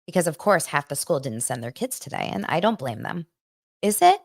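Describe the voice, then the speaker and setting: A woman hosts her own show, talking into a microphone with a fairly low voice. She is personal and emotional, looping back and restarting her sentences. The sound is dry and close with no room around it. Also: sing-song, a little fast, dry recording. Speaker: host of a daily pop culture show. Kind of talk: candid casual chat. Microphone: studio microphone.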